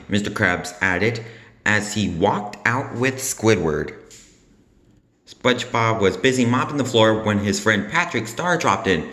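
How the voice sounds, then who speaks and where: A man reading a children's storybook aloud, in a plain, measured way with small slips. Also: fairly low pitch, lively intonation, a bit bright.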